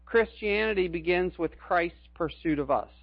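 A man's voice: sits high, normal speed, dry recording, muffled recording. A middle-aged man preaching a sermon as a pastor, earnest and emphatic, repeating his key phrases.

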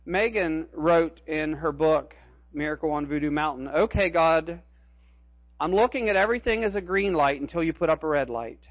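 A man's voice: on the high side, normal speed, dry recording, dull audio. A middle-aged man preaching a sermon as a pastor, earnest and emphatic, repeating his key phrases.

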